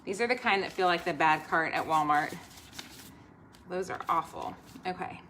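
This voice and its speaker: Bright, bubbly woman cooking live. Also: lowish voice, moderate pace, slight background noise. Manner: upbeat, talks straight to viewers, reads out comments. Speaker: host of a cooking livestream. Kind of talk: chatty live cooking demo with viewers. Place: home kitchen.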